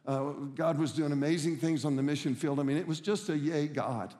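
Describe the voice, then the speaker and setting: Middle-aged male pastor, earnest storyteller, slightly high voice, long hall reverb. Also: brisk, warm tone. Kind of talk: sermon.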